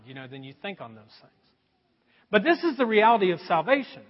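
A middle-aged male pastor preaching a sermon, swinging between loud emphasis and quiet asides. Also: high-pitched, big pitch swings, brisk. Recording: dull, echoey hall sound.

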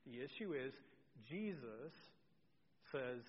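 A middle-aged man preaching a sermon as pastor, telling a family story, animated, and swinging from loud to very soft. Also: high voice, moderate pace. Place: church. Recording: dull sound with long hall reverb.

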